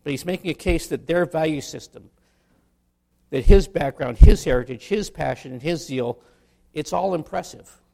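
A man, a pastor, delivering a sermon in an animated style with humorous asides. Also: on the high side, normal speed, creaky.

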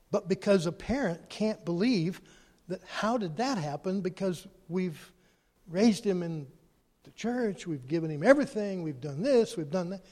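A man preaching a sermon, animated, swinging between loud emphasis and quiet, hushed asides. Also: high-pitched. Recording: long hall reverb.

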